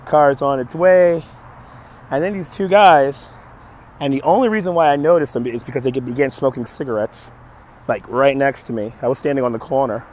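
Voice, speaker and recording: A hoarse man who keeps coughing, telling a story on a live stream in an animated, exasperated way. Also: medium pitch, a little hiss or hum. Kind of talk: casual storytelling to chat.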